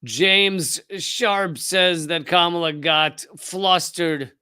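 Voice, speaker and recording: Sardonic Southern man with a crisp voice. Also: fairly high pitch, pushed and bright, dry recording, clean studio sound. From Richmond, Virginia, US. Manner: sardonic, rapid and conversational with frequent restarts. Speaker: live-stream political commentator. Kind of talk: live-stream commentary reading chat.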